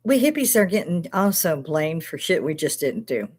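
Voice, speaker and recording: A woman's voice: deep voice, big pitch swings, normal speed, slight background noise. An older woman hosting a casual live stream chat, rambling and outspoken, swearing freely as she talks.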